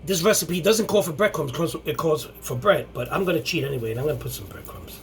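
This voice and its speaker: A man hosting a casual home cooking video, talking in a rambling, halting way with many restarts. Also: on the high side, slight background noise. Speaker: cooking show host.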